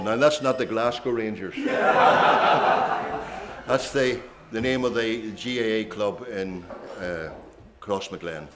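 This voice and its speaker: An older man, telling rambling stories between songs at a traditional singing session. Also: on the low side. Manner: chatty, rambling reminiscence with asides. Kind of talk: relaxed storytelling at a singing session.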